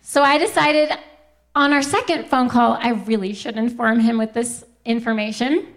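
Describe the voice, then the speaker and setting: A young woman giving a Christian testimony talk, earnest and quick to laugh, often quoting scripture. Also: a little high, fairly even intonation.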